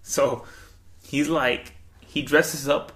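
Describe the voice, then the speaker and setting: A man's voice: on the high side, fairly even intonation, extremely slow, a bit bright. A young man on a podcast, telling slangy stories in casual chat and mimicking the people in them. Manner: slangy storytelling with mimicked voices. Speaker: podcast co-host.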